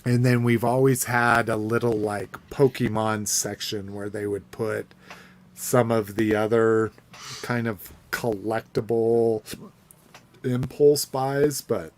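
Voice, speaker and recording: A man's voice: mid-range voice, fairly even intonation, takes it slowly. A man hosting a casual podcast chat about toy collecting, rambling with fillers and restarts. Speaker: podcast host.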